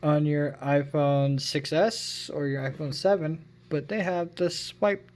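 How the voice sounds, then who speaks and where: A man's voice: a little high, fairly even intonation, takes it slowly, a little mellow. Rambling casual tech vlogger, man. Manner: rambling, self-correcting, unsure of his numbers. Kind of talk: casual phone review.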